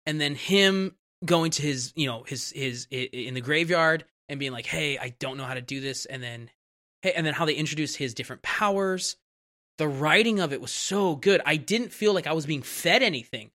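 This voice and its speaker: Bright animated man chatting. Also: on the high side, moderate pace. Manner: animated, acts out scenes with funny voices. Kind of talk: casual chat about movies.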